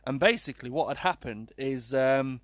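A man's voice: medium pitch, moderate pace, dry recording. A British man, around his thirties, tells a personal story in a rambling, self-deprecating way, full of "um" and "kind of". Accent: British English.

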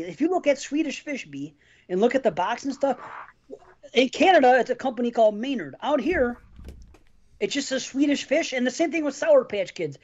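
A man's voice: very high voice, darkish tone, dull audio. A man hosting a podcast in casual chat, rambling through stories, swearing casually and laughing often. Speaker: podcast host.

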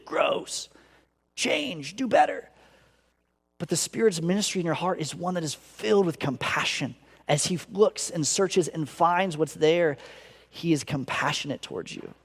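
A male pastor preaching a sermon in an earnest, expressive way. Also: big-room sound. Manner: earnest, acts out inner voices with big pitch swings.

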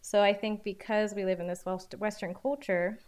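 A woman in her late twenties co-hosting a casual discussion. She explains each point in a measured, steady way. Her pitch sits in an ordinary middle range. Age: late 20s. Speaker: podcast co-host.

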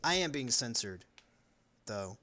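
Animated joking podcast host from Louisiana. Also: male voice, medium pitch, takes it slowly. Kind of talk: casual podcast banter.

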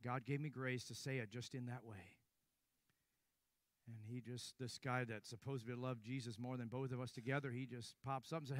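An older man preaching a sermon, telling a story with hushed stretches and sudden loud bursts. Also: medium pitch, steady tone, normal speed, dry recording.

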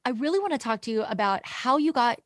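An enthusiastic woman hosts a podcast, gushing over her guest with a bright, higher voice. She laughs often, and the recording is dry and close. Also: animated, fast, no echo. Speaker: podcast host. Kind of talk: casual interview chat.

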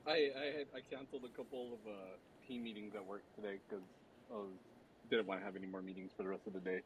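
Fast-talking man, laughing storyteller. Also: fairly low pitch, steady tone, slight background noise, rough recording. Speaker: podcast co-host. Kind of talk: casual group chat.

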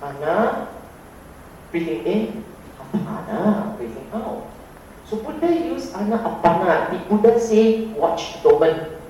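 Slow-talking man teaching meditation in a roomy hall. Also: sits high, big pitch swings, warm tone, far from the mic, slight background noise. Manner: unhurried, emphatic, playful asides. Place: hall with an audience.

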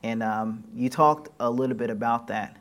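Animated man with lots of fillers. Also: medium pitch, moderate pace. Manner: animated, talks in long run-on stretches with many fillers. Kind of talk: casual conversation. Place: living room.

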